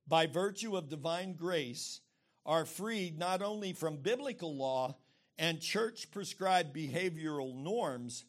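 A man preaching a sermon, explaining terms plainly and pressing his points with emphatic rhetorical questions. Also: on the high side.

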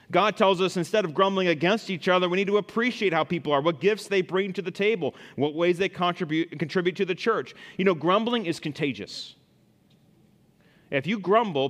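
A man's voice: fairly high pitch, a bit bright, long reverb tail. A man preaching a sermon as a pastor, reading Bible verses and giving everyday examples.

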